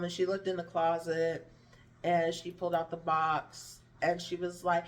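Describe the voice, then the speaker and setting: A woman vlogger telling a painful personal story in a candid, blunt and animated way, swearing freely and acting out what others said. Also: fairly low pitch, a little slow, distant mic. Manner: blunt, profane and animated, with vivid impressions of others.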